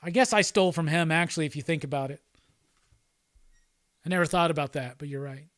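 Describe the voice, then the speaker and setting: Man, livestream host, rambling, profane, fairly high voice, dry close sound. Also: fairly quick, a bit bright, dry recording. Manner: rambling and profane, with frequent laughs. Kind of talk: casual livestream chat.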